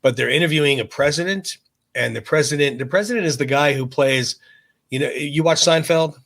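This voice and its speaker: Chatty podcast man, slightly high voice. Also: fairly quick, vocal fry, a bit bright. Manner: chatty, recounting references with amused asides. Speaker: podcast co-host. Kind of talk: casual chat.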